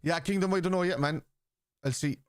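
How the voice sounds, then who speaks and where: A man with a slightly high voice talks fairly quickly and smoothly, recorded dry with clean studio sound. He's chatting live on a football stream, answering viewers in a casual way while being blunt, argumentative, and swearing freely.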